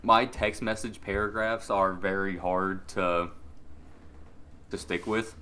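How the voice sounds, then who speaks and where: Rambling young podcast co-host. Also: male voice, low voice, fairly even intonation, slow, a little hiss or hum. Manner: rambling, wondering out loud. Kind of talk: casual podcast chat.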